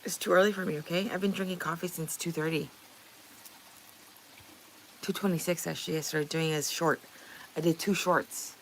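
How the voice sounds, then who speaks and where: A woman's voice: fairly low pitch, steady tone, normal speed, pauses often, slight background noise. A middle-aged woman from Canada hosting a casual livestream, chatting with viewers in a blunt way, swearing freely and laughing often. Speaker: livestream host.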